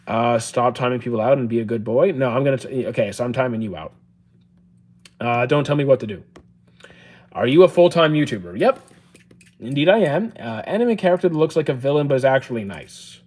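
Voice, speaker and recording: A young Canadian man live-streams, casually answering questions from chat. He speaks briskly at medium pitch, chatty and relaxed, with plenty of fillers and restarts.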